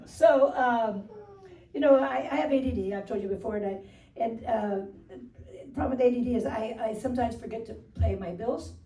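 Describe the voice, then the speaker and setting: A woman's voice: a little high, echoey room, distant mic, noisy background. An older woman performing a rambling, self-deprecating stand-up routine on stage, often laughing at her own jokes. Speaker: stand-up comedian. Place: stage before a live audience.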